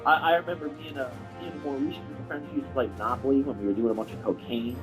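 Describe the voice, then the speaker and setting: A man's voice: medium pitch, fairly even intonation, racing, music in the background, rough recording. A young man talking casually to camera, telling a rambling, profane, slang-heavy story as a video creator.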